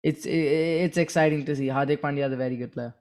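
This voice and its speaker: Casual male podcast co-host with a higher voice and a halting, stop-start delivery. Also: fairly even intonation, darkish tone. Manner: halting, many restarts and fillers. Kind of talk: casual cricket chat.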